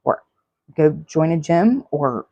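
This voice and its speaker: A woman's voice: low-pitched, big pitch swings, takes it slowly, mellow, dry recording, highs cut off. Host, woman in her forties, earnest self-help advice, dry close recording. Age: 40s. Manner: earnest, repetitive, advice-giving. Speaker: podcast host. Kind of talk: solo self-help podcast talk.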